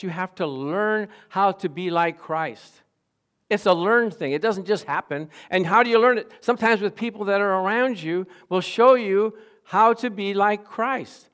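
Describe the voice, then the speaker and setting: A middle-aged male pastor preaching a sermon, telling stories with lively acted-out quotes and frequent laughter. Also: high-pitched, clean tone. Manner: animated storytelling, acts out quotes, laughs often.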